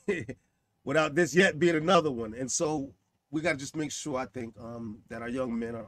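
A man hosting a talk show, his voice at an ordinary middle pitch. He speaks earnestly, with stammering restarts and frequent "uh" pauses as he searches for words. The recording is dry and close. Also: dry recording. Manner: stammering restarts, many uh fillers.

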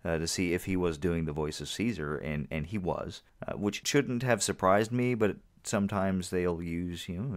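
A man co-hosting a podcast, chatting casually about movies in a rambling way and laughing at his own jokes. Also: deep voice. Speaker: podcast co-host. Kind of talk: casual movie review chat.

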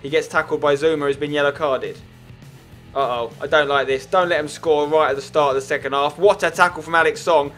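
Excitable young man narrating his game. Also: fairly high pitch, a little fast, soft background music. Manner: excitable, yells at the players. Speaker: gaming YouTuber. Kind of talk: live game commentary.

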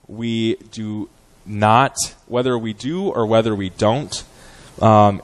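A man preaching an earnest, measured sermon as a guest preacher in a church, with frequent "um" fillers. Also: on the low side, poor audio. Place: church sanctuary.

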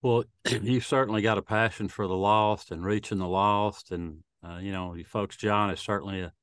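A male interview host who asks halting questions full of fillers. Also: fairly low pitch, steady tone, a bit bright, smooth, dry recording.

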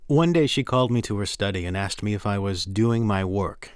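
Documentary reader, man, low voice, earnest and measured, dry sound. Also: animated, clear, resonant tone, dry recording. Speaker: voice actor reading a memoir. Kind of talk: documentary narration, first-person reading.

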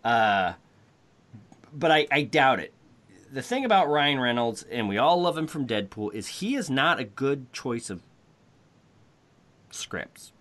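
A man hosting a casual podcast chat, wry and animated, often correcting himself mid-sentence. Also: medium pitch, unhurried, long pauses. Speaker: podcast host.

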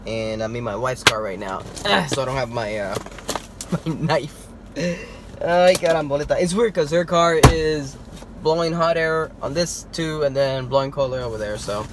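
Excitable young man vlogging from his car. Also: a little high. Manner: excitable, swears and laughs, sprinkles Spanish words. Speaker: toy collecting vlogger. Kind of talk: casual vlog. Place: inside a car. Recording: noisy car interior.

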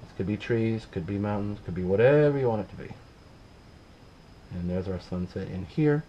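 Low-pitched guy demoing a painting, laid back, talks as he works, faint hum behind. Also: normal speed, lo-fi sound. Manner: relaxed, talks while working, trails off mid-sentence. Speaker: painting instructor. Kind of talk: casual painting demonstration.

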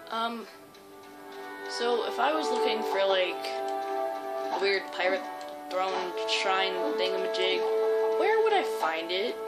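A young woman casually commenting while playing a video game, rambling and easily surprised. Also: mid-range voice. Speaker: gaming YouTuber. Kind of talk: casual let's-play commentary. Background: game music.

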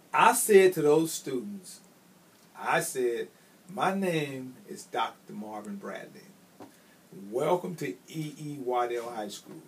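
Emphatic storyteller, a man from Chicago. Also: mid-range voice. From Chicago, United States. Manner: emphatic storyteller who repeats key phrases. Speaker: school administrator. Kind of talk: recounting personal career stories. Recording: slightly distant mic with faint ambient noise.

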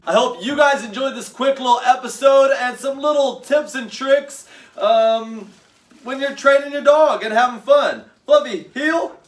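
A man's voice: extremely high pitch, unhurried. A man vlogging outdoors as he trains his dog, playful and laughing often, giving short commands between explanations.

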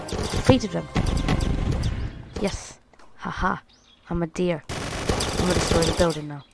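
Slow-talking low-voiced woman gamer. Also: loud music behind the voice. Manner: playful, excitable, talks to viewers as lads and guys. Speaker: gaming channel host. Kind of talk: let's play commentary.

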